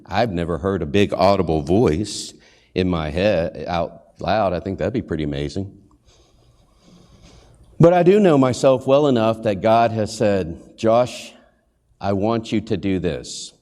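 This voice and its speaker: A man's voice: low voice, darkish tone. A man giving a sermon, an earnest preacher and hospital chaplain who asks his listeners questions and briefly acts out the lines he quotes. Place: church sanctuary. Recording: long hall reverb.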